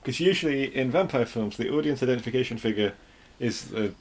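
A man, co-hosting a casual film discussion, measured and thoughtful, hedging his points. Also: medium pitch, lively intonation, darkish tone, slight background noise. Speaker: podcast co-host.

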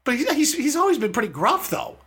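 Husky, lively-voiced man. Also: very high voice, brisk. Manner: chatty, laughs often, digressive. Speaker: podcast host. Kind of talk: casual podcast chat.

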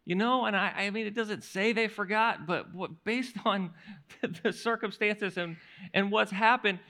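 A male pastor preaching a sermon in an animated storytelling manner, often restarting his words. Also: high-pitched, unhurried.

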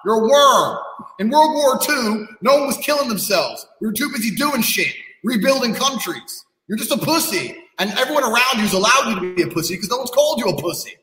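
A man's voice: very high voice, very animated, fairly quick, pushed and bright. A man ranting bluntly on a podcast, brash and profane, bragging about himself. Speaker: guest, kickboxing champion. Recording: echoey room with long reverb.

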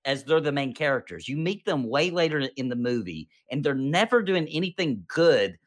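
An enthusiastic man in casual chat, quick to laugh as he talks. His pitch swings widely, lively and animated.

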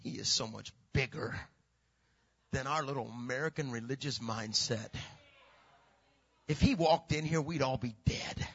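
A man preaching a sermon who swings from hushed tones to shouting and repeats words for emphasis. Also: medium pitch, measured pace, long pauses, breathy edge, highs cut off. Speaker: pastor.

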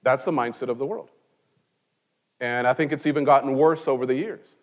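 A man's voice: medium pitch, steady tone, fairly quick, big-room sound. A man who grew up in Mexico, preaching a conversational sermon from a pulpit in church and mixing in wry jokes. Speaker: pastor.

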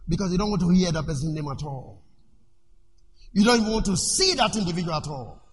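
A male preacher giving a sermon in an animated way. He asks the congregation questions and lets them finish his sentences. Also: high-pitched, a little fast. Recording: echoey hall with faint noise.

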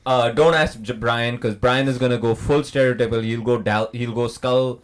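A man co-hosting a casual comedy chat, loud and laughing, often slipping into mock voices. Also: medium pitch, fairly even intonation, moderate pace.

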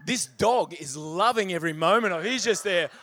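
A man preaching a sermon in a church, telling stories in an animated way and laughing often. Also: sits high, moderate pace, noisy background. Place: church service.

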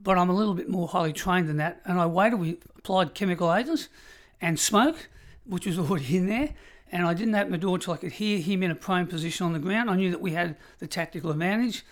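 A middle-aged Australian man, a former prison officer, telling stories in an interview in an emphatic, measured way. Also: sits high. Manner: emphatic, measured storytelling, colloquial. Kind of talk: storytelling interview.

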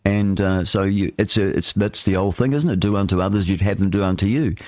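Low-voiced rambling New radio host. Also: male voice, a little fast, darkish tone, no echo, studio quality. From New Zealand. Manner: rambling, chatty, self-deprecating. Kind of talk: casual breakfast radio chat.

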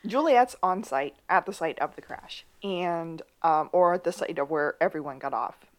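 A woman co-hosting a casual podcast recap of a TV episode, moving between high excited bursts and low asides. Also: normal speed. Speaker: podcast co-host.

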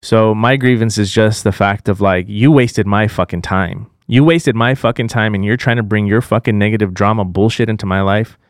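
A man's voice: on the low side, normal speed, hardly any pauses, smooth, no room sound, studio quality. A man co-hosting a podcast, venting his grievances in heated, profane casual chat. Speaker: podcast co-host.

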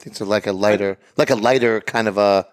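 A man's voice: lowish voice, fairly even intonation, fairly quick. Easygoing joking man hosting a chat. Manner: easygoing, jokey, repeats phrases. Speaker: podcast host. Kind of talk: casual chat.

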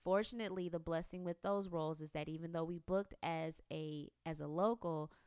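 A woman, a mother, telling a faith-based personal story in a lively way, acting out her own past thoughts. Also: low-pitched, fairly quick, smooth, dry recording, clean studio sound. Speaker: mother sharing a testimony.

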